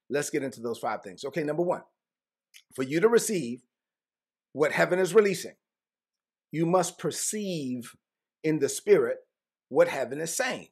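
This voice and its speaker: Gravelly high-voiced preacher man. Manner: animated, acts out biblical dialogue in casual slang. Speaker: pastor. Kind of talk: sermon.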